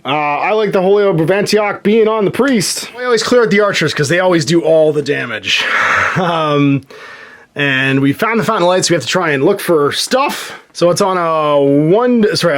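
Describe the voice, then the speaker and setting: Guy talking thru his board game turn, kinda high voice, lots of ups and downs, counting squares out loud. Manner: lively, counting moves aloud, chuckling to himself. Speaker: host playing a solo board game. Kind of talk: casual game commentary.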